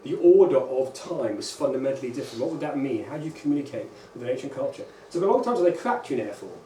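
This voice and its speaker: An English rabbi gives a conference lecture to teachers, speaking quickly in a mid-range voice and lively manner, often checking in with "right?" and "okay?". The recording comes from an echoey hall with a distant mic and a faint hum.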